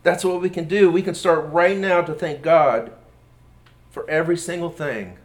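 An excited, devout young woman presses her point with insistent warmth, her voice a touch raised, read out by a man. The delivery stays close to an everyday reading voice, simple and earnest. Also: fairly high pitch, moderate pace, voice pushed up, lightly acted.

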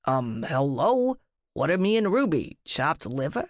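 A woman voicing a grumpy, sarcastic male animal familiar in an audiobook, speaking in a huffy, sardonic way with a lower, different-sounding voice. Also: expressive, a little slow, gravelly, dry recording, clean studio sound, full character voice.

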